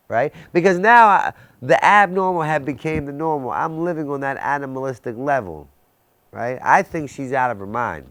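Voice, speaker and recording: With a mid-range, slightly bright voice at a normal pace, a man in his thirties gives a fierce personal account of addiction and recovery. The recording is dry, and he shapes his story around rhetorical questions.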